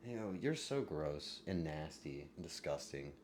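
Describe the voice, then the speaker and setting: A man streaming live from his home setup, rambling casually with sudden loud outbursts and soft asides. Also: very deep voice, very animated, measured pace, a little hiss or hum.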